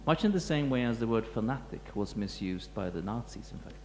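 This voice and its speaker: A man, a museum curator, giving a reflective talk to an audience, pausing and restarting often. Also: lowish voice, expressive. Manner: halting, many restarts and fillers, reflective. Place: lecture hall. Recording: echoey hall with faint hum.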